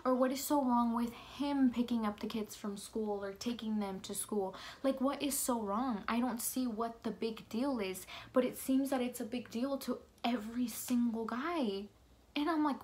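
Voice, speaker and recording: Young woman, higher voice, heated swearing rant, filler-heavy, vlog from her bedroom. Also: normal speed, darkish tone. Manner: fired-up, swears a lot, many "like" fillers. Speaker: vlogger. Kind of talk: heated opinion rant to camera.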